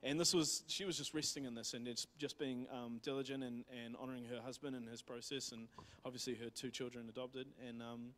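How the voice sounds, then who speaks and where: A man's voice: medium pitch, fairly even intonation, a little fast, few pauses, a bit bright. A man with a New Zealand accent retelling a missionary's story in a church talk, rambling with many fillers and restarts. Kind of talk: casual sermon storytelling.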